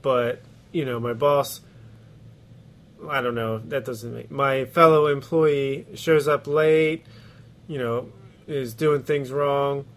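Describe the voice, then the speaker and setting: A man's voice: medium pitch, fairly even intonation, takes it slowly. A man co-hosting a casual sports podcast, laughing often and giving blunt opinions with casual swearing. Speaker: podcast co-host.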